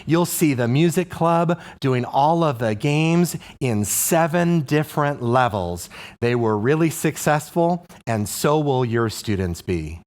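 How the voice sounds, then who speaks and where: Slow, upbeat male music teacher. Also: a little high. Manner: upbeat, questions to the viewer, chants rhythm syllables. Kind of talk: instructional video for music teachers.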